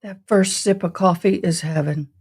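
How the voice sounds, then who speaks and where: A woman's voice: fairly low pitch, steady tone, normal speed, darkish tone, slightly rough. A woman in her forties with a Southern accent from Tennessee and Texas, hosting a casual live stream and chatting with viewers by name in a folksy way. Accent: mixed East Tennessee and Texas Southern. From Tennessee, raised in Texas. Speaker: livestream host.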